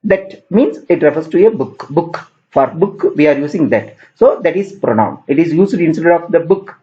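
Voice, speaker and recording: Man, grammar lesson, patient repeating explanations, mellow tone, lo-fi recording. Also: a little high, lively intonation. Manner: explains slowly, repeating terms, with examples. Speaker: English teacher.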